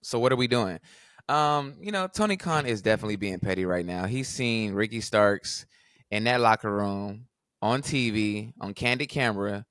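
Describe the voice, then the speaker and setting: A man co-hosting a podcast in a relaxed, slangy, offhand casual chat. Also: lowish voice, normal speed, no room sound, clean studio sound. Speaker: podcast co-host.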